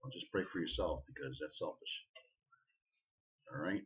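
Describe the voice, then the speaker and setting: Deep-voiced man preaching casually on a vlog. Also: normal speed, fairly bright tone, dull audio. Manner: earnest, repeats himself for emphasis. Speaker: vlogger.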